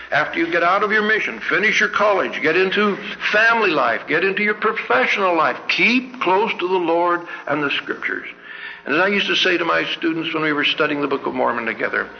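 An older man from Canada delivers an anecdotal sermon, telling stories earnestly and pressing one searching question after another. His voice sits fairly high with a gravelly edge. The sound is a dull, lo-fi recording with long reverb from a large hall. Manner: earnest storyteller, asks many searching questions. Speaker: church speaker.

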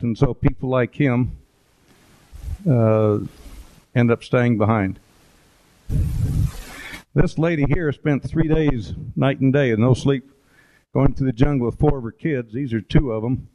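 A man's voice: medium pitch, a little slow, pauses often, dark tone. A middle-aged man giving an informal talk with photos, rambling through anecdotes with fillers and asides. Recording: dull lo-fi recording.

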